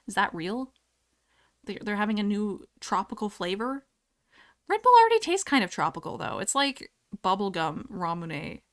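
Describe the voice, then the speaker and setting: A young woman chats casually with her live chat from a home streaming setup. She giggles often and reads messages aloud in a loose, friendly ramble. Her voice is mid-pitched and close to a desktop mic.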